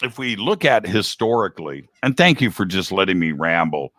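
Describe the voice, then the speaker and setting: A man's voice: low voice, sing-song, normal speed, a bit bright, no echo, studio quality. A man talking as a guest host in a casual chat, rambling and laid-back, with a slangy manner.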